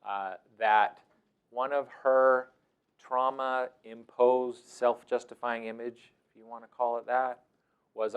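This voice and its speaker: A middle-aged man telling stories as a teacher, animated and breaking into loud, shouted impressions. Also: medium pitch, takes it slowly, clean tone, phone-quality sound. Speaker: wilderness mentor and teacher. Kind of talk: storytelling talk.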